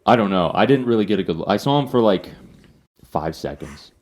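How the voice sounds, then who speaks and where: Podcast host, man, very low voice, casual profane storyteller. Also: expressive, brisk.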